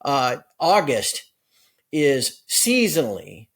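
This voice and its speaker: A man speaking as a guest analyst in a conversational interview, brisk and explanatory. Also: medium pitch, sing-song, fairly bright tone. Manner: brisk, explanatory, with occasional laughs.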